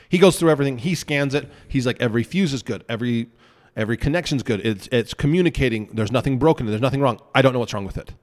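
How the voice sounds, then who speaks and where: A man co-hosting a podcast, telling a story with energy and acting out both sides of the conversations. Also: medium pitch. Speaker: podcast co-host. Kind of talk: casual chat. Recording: long hall reverb.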